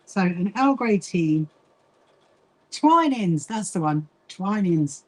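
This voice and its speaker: A woman from the UK talks her way through a blanket stitch on her own sewing livestream. She is chatty and easygoing, reads out viewer comments as she goes, and breaks off now and then with quick asides while she works. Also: fairly low pitch, a little mellow. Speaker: livestream host. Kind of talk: casual chat while sewing.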